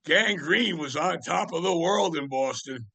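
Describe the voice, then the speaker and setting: Gravelly older man telling rambling stories. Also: on the high side, animated, a little slow, pushed and bright, dry recording. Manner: rambling, with many fillers and restarts. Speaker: guest, music writer. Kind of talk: casual anecdotal storytelling.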